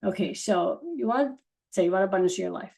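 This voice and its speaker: A woman giving a casual spiritual talk to her viewers as a channeler, earnest and rambling, often restarting and trailing off softly. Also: mid-range voice, fairly quick, creaky, low-quality recording.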